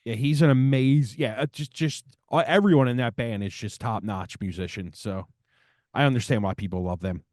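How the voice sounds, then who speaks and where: Profane, excited man, dry close mic. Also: mid-range voice, normal speed, dry recording. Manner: swears a lot, enthusiastic about records. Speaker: podcast co-host. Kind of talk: casual chat.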